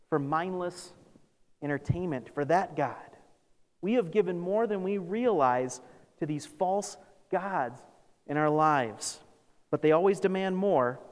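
A man preaching a sermon as pastor, animated, acting out scripture with sarcastic asides. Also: a little high. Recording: long reverb of a large hall.

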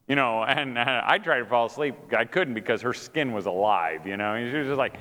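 A man's voice: mid-range voice, expressive, a little fast, hardly any pauses, fairly bright tone. A man giving a humorous sermon, telling self-mocking stories about family life to a live audience in a hall. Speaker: preacher.

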